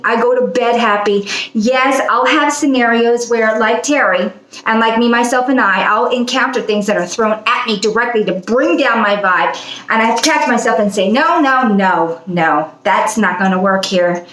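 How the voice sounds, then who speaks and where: A woman's voice: on the high side, fairly bright tone, echoey room, low-quality recording. A woman hosting her own channel, talking in a casual spoken monologue, chatty and often breaking into laughs. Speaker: channel host.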